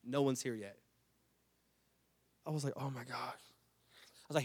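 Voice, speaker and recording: A man's voice: mid-range voice, unhurried, long pauses. A male pastor preaching a sermon, telling a story with many restarts and calling on the congregation to answer back. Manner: preaching with rising intensity, call-and-response with the congregation.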